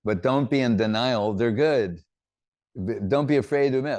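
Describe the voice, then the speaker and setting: A man's voice: mid-range voice, moderate pace, a little mellow, dry recording. A man giving an informal religious talk, drifting from teaching into rambling personal anecdotes.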